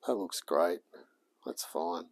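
A man's voice: low-pitched, slow, vocal fry, husky. A man in his forties with an Australian accent, chatting casually to a live stream audience while working on a car, rambling and saying mate often. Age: 40s. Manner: rambling, talks to chat, says mate a lot. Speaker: livestreamer mechanic. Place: garage workshop.

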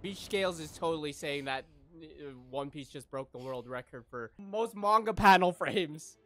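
A young man reacting to an anime episode, swearing freely and shouting with excitement. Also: a little high, normal speed, few pauses, soft background music. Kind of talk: live reaction commentary.

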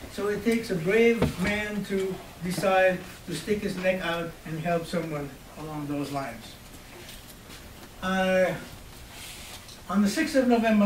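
A man's voice: high-pitched, a little mellow, recorded from a distance, a little hiss or hum. Older man telling his story in an echoey hall. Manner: wry, conversational, with fillers. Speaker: Holocaust survivor speaker. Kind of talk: storytelling talk. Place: hall at a university.

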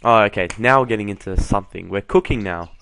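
A young man with a lowish voice talks over a horror game in relaxed, sweary commentary. He reads the characters' lines aloud in a flat voice, then mocks them with dry sarcasm. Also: fast talker, gravelly, clear, resonant tone. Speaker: let's play gamer. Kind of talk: casual gameplay commentary.

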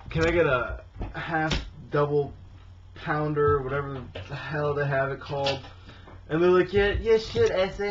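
Young man, high voice, profane exasperated rant, vlog, dull lo-fi sound. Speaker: vlogger. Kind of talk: casual ranting vlog. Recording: dull lo-fi audio with faint hiss.

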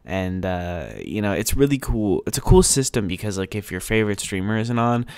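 A man's voice: on the low side, expressive, normal speed, darkish tone, smooth, no room sound, clean studio sound. A young man hosting a podcast in casual chat, rambling enthusiastically with lots of fillers. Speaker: podcast host.

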